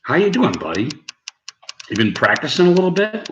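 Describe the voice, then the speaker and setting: A man's voice: a little high, wildly swooping pitch, moderate pace, highs cut off. A man hosting a casual late-night live stream who chats with viewers in the comments, rambling, swearing and laughing at his own lines. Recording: echoey room, faint background noise.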